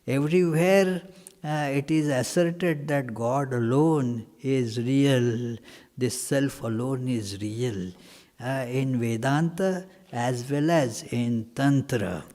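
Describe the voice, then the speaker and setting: A man, a monk teaching at a retreat, answers questions in a halting way, with many pauses and fillers and emphatic repetition. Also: mid-range voice, a little mellow. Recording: reverberant hall.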